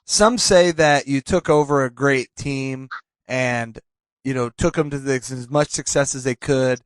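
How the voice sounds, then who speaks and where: A man hosting a casual comedy podcast, speaking earnestly in halting starts and restarts. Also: medium pitch, clean tone, no room sound. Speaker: podcast host.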